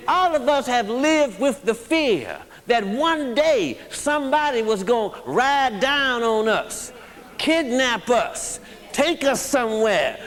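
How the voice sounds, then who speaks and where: Speaking to a recovery group, a man delivers a blunt, emphatic motivational talk and keeps checking in with his audience. His voice is very high and slightly bright, and the hall adds a long reverb.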